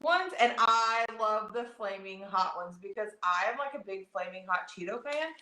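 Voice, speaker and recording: A woman's voice: mid-range voice, expressive, moderate pace, sharp tone. A woman chatting animatedly to her viewers as co-host of a food vlog. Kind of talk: casual chat. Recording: echoey room with faint noise.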